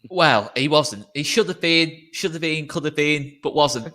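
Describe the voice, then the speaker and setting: A man's voice: on the high side, unhurried, sharp tone. A man hosting a casual football chat, chatty, laughing often and restarting his sentences. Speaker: podcast host.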